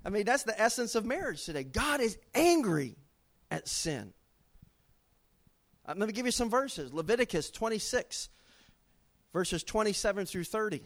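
A middle-aged man preaching a sermon, telling stories with dramatic swings in pitch and loudness. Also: sing-song, moderate pace, pauses often. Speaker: pastor.

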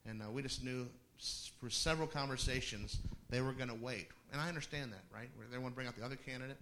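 A man's voice: mid-range voice, quick pace, sharp tone, slight background noise. A middle-aged male pastor telling a personal story in a sermon, conversational, with laughing asides and restarts.

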